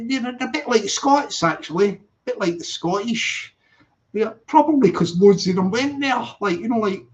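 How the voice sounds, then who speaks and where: A rambling, upbeat man hosting a casual morning live stream. His voice sits high, and he greets viewers over and over in a sing-song lilt. The sound is dull and lo-fi.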